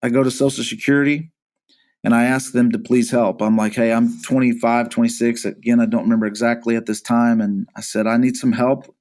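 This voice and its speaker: A man's voice: mid-range voice, level tone, fairly quick, darkish tone. Earnest man telling his story. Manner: earnest storytelling, frequent restarts and repeated words. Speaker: pastor, guest. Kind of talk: personal testimony in a podcast interview.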